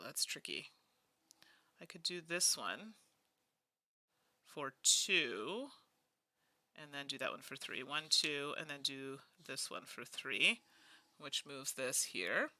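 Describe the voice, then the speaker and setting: A woman from Canada talks her way through a solo board game, chatting to viewers between moves. Her voice is very bright and lively, with lots of pitch movement. The sound is close and dry. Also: no echo. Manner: thinks aloud while playing, chatty asides to viewers. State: tired. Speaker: host.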